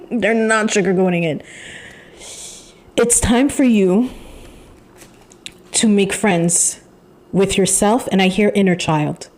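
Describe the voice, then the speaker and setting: A woman giving a channeled tarot reading, talking in an emphatic, repetitive way with pauses and sighs. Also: mid-range voice, a little mellow. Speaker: tarot reader.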